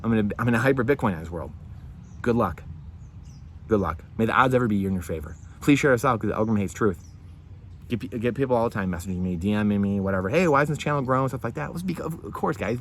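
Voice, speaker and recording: A man's voice: lowish voice, a little hiss or hum. A man hosting his own channel, delivering a heated solo monologue full of impassioned rhetorical questions. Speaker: channel host.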